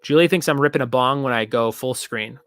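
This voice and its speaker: A man's voice: mid-range voice, a little fast, a bit bright, no room sound, clean studio sound. A young man hosting a casual live-stream trivia show, joking and rambling as he reads out viewer comments.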